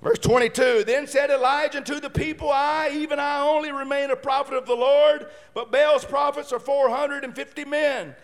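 Male preacher, very high voice, fervent, shouts in bursts, reads scripture. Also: fairly even intonation, moderate pace, hardly any pauses. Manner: playful asides while retelling the story. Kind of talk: sermon.

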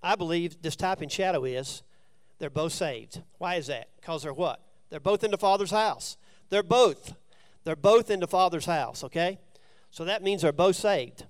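In a sermon, a man with a fairly high voice reads scripture and then explains it conversationally, speaking at normal speed with hardly any pauses.

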